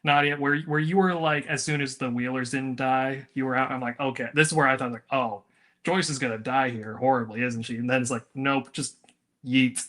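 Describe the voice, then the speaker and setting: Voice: medium pitch, steady tone, fairly quick, fairly bright tone. A joking co-host in casual chat who eggs the others on. The voice sits mid-range.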